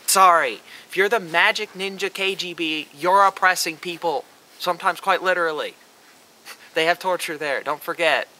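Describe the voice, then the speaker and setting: A man's voice: high voice, normal speed, pushed and bright, poor audio. A man vlogging a ranting commentary, sarcastic and profane, mocking what he criticizes.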